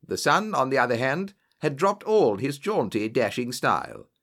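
Man reading a story with lively pitch. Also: normal speed. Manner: lively storytelling with varied character voices. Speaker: audiobook narrator. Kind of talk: scripted narration.

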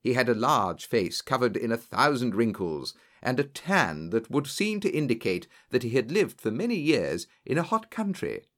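A man's voice: medium pitch, normal speed, hardly any pauses. A man narrating a storybook, reading expressively and acting out the dialogue. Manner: expressive, voices characters in dialogue. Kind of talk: audiobook narration.

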